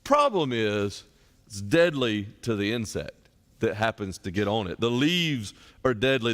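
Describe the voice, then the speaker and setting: A middle-aged male pastor teaching a Bible study in a relaxed, conversational sermon. He talks at a middle pitch and leans on homely stories to make his points. His voice carries a long reverb from a church hall. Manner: folksy storytelling with illustrations.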